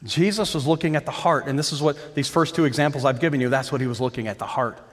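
A man's voice: medium pitch, quick pace, in a large hall. A male pastor preaching a sermon with fervour, repeating phrases and asking the congregation questions.

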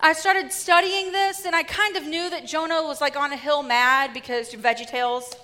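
A woman preacher delivering a sermon with lively, humorous storytelling. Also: sits high, moderate pace, long reverb tail, slight background noise.

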